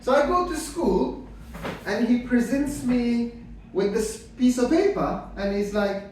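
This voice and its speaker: A middle-aged man from Afghanistan doing stand-up comedy with dry, deadpan delivery, full of hesitant fillers and some crowd work. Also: very high-pitched, unhurried, slight background noise. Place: comedy club stage. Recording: echoey room mic heard from a distance.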